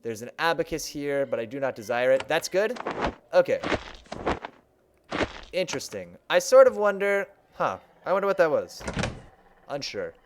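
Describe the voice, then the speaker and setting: A man's voice: on the high side, sing-song, moderate pace, long pauses, background noise. A young man giving casual let's-play commentary at a desk mic, thinking aloud and joking at his own choices. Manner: chatty, thinking aloud, self-mocking. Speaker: game streamer. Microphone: desk microphone.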